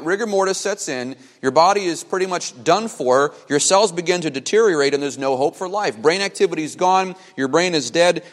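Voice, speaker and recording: A man preaching a sermon as a pastor, emphatic, with dramatic pauses and repeated phrases. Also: a little high. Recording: long hall reverb.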